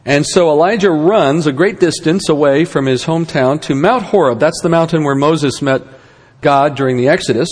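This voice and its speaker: A man's voice: on the high side, normal speed, a little mellow, in a large hall. A man giving a conversational Bible lesson, with rhetorical questions and wry asides. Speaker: Bible teacher.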